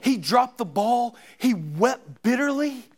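A middle-aged man with a strikingly high voice preaches a sermon. He is animated and dramatic, slipping into the voices of Bible characters as he tells their stories. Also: slow pace.

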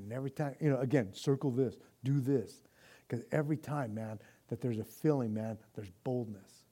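A man's voice: medium pitch, moderate pace, mellow, slightly rough. A man preaching a sermon as pastor in a casual, slangy way that builds to impassioned intensity.

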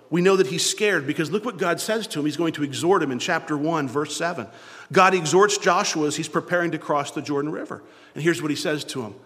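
Male preacher with a slightly high voice, dynamic delivery that swings from loud to hushed, long room reverb. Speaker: pastor. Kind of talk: sermon.

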